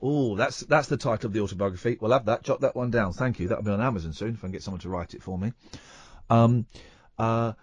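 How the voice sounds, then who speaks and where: A man's voice: on the low side, quick pace, husky, no room sound. A man hosting a late-night radio show, rambling and teasing his co-host in a playful, chatty way. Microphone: studio microphone.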